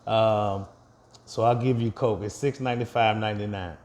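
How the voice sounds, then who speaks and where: A man's voice: fairly low pitch, fairly even intonation, moderate pace, darkish tone. Chatty man giving a casual portfolio update. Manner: chatty, addresses viewers directly, laughs at own slips. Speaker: investing vlogger.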